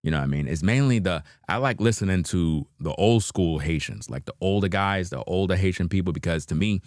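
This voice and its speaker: Deep-voiced New man chatting. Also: lively intonation, a little fast, darkish tone, no echo, studio quality. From New York. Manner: laid-back slang, frequent "you know what I mean", chuckling. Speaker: livestream host reacting to videos. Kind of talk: casual livestream chat.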